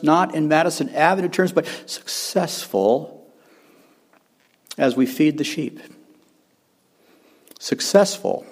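An older man delivering a sermon in a slightly high voice. He speaks with emphasis, circles back to repeat his points and chuckles at himself when he stumbles. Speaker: preacher.

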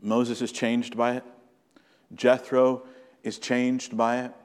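A man's voice: medium pitch, flat delivery, clear, resonant tone. Male pastor, earnest sermon delivery, mid voice, long church reverb. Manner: earnest preaching, slowing and rising for emphasis.

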